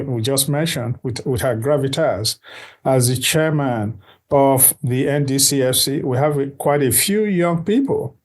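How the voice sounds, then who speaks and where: Measured man, deliberate speech. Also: mid-range voice. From Nigeria. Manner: measured and deliberate, repeats key phrases for emphasis. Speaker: guest, diaspora organization board member. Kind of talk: interview answers.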